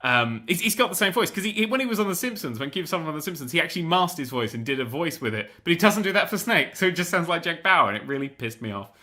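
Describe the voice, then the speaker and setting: A young man hosting a gaming show, ranting in a casual, animated, sweary, exasperated way. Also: a little high, fast, few pauses. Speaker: gaming host. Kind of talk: casual rant about a video game.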